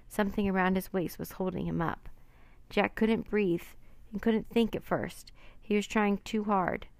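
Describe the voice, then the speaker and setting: A woman reading a children's adventure book aloud with expressive, dramatic narration. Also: lowish voice, no echo. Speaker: storyteller.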